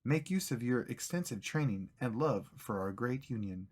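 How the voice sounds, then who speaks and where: A man's voice: medium pitch, animated, a little mellow, husky. A man putting on a stern Soviet official. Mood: commanding. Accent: mock Russian. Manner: halting, breaks off laughing. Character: stern male Soviet security official reading orders.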